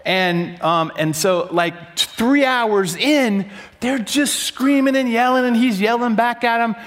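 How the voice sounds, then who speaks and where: A man preaching a sermon to a room, telling a story with animated, loud acted-out bursts. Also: very high-pitched, unhurried. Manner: animated, acts out quotes with sudden loud bursts. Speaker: pastor. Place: large room before an audience.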